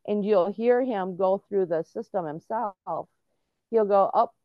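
A woman's voice: mid-range voice, a little slow, dry recording. A middle-aged woman, a guest on an interview podcast, explaining things earnestly with frequent restarts. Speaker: guest, autism and veterans advocate. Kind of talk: casual interview talk. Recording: dull lo-fi dry sound.

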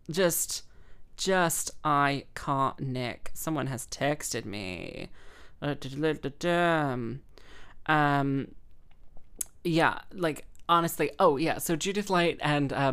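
A woman's voice: low-pitched, clear, resonant tone. A woman hosting a podcast in casual chat, rambling, self-mocking and laughing often. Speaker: podcast host.

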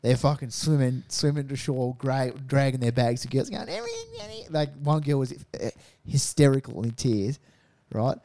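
A man co-hosting a casual podcast, talking at an average pitch. He tells stories with plenty of swearing and jumps into acted-out quotes. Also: moderate pace. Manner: swears freely, acts out quotes in animated storytelling. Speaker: podcast co-host. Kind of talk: casual chat.

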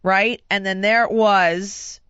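A woman's voice: medium pitch, steady tone, fairly bright tone, clean tone, dry recording. Blunt, brash woman host, muffled sound. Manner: blunt, brash, quick to interject. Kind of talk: casual talk show chat.

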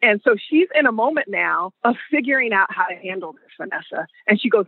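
A woman co-hosting a podcast in casual conversation, an animated storyteller who acts out voices and laughs often, with a husky voice. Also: mid-range voice, a little fast, few pauses, no echo, phone-quality sound. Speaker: podcast co-host.

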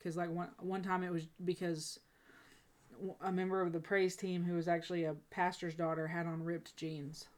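Young woman, candid, reflective, casual family chat, lowish voice. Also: flat delivery, moderate pace, a little mellow. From raised as a pastor's kid. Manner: candid, laughs often, reflective. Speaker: podcast co-host, family member.

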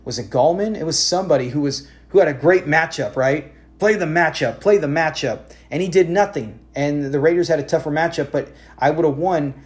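A man in his forties hosting a casual fantasy football talk show, telling stories in an animated way with lots of self-corrections. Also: on the high side, brisk, hardly any pauses. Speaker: podcast host.

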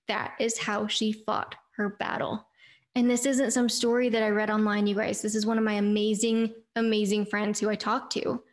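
A woman in her thirties hosting a faith podcast, telling personal stories in an earnest, chatty way and talking straight to her listeners. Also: on the high side. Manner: earnest, chatty, addresses listeners as "you guys". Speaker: podcast host.

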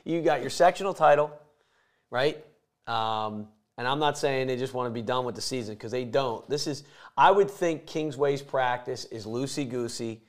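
A man who is a football coach breaks down an upcoming game as a co-host. He talks casually and thinks out loud, laughing easily, in a voice of middle pitch. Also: normal speed. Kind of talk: sports talk analysis.

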